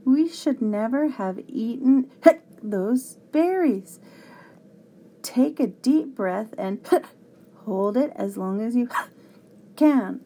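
A woman's voice: mid-range voice, expressive, takes it slowly, dark tone, breathy edge, full character voice. A woman voicing a fussy, flustered male professor who hiccups and urges children on with exclamations. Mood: hiccuping.

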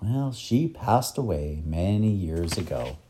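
A man voicing a kindly, learned old professor who explains things gently in a storybook reading. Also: sits low, expressive, slow pace, slight background noise. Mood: wistful. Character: kindly older male professor, warm and learned.

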